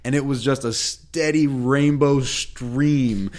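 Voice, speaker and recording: A man's voice: mid-range voice, steady tone, slow pace, darkish tone. A young man co-hosting a podcast, telling a long story in a rambling, profane way full of "like" and "man". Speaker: podcast co-host. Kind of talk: casual storytelling.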